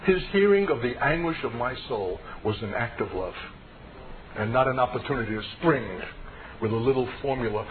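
A man delivers a personal testimony sermon with passionate, emphatic storytelling. His voice sits at an ordinary pitch. The sound is narrow and tinny, with steady noise under it, like an old radio broadcast. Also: moderate pace. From United States. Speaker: preacher giving his testimony.

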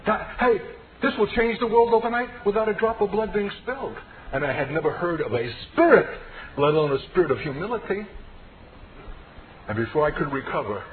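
A man delivers a personal testimony sermon with passionate, emphatic storytelling. His voice sits at an ordinary pitch. The sound is narrow and tinny, with steady noise under it, like an old radio broadcast. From United States. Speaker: preacher giving his testimony.

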